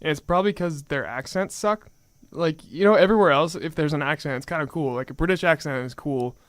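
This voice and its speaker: A young man on a casual sports podcast who talks quickly and sits a bit high. He trades jokes and loud opinions, recorded close and dry. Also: no room sound. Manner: joking and opinionated. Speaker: podcast co-host.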